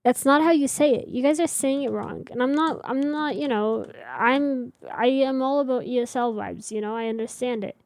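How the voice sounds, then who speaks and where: A woman's voice: sits high, normal speed, hardly any pauses, darkish tone, no room sound. Chatty young woman streamer, dry sound. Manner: chatty, rambling, answers chat. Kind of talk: casual chat while building in a game.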